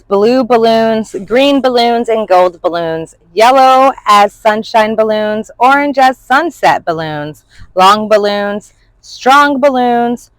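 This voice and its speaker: Lady reading a kids' book out loud, kinda high voice, dry close sound. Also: dry recording, poor audio. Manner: expressive, animated storytelling. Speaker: storybook reader. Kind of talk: children's story read-aloud.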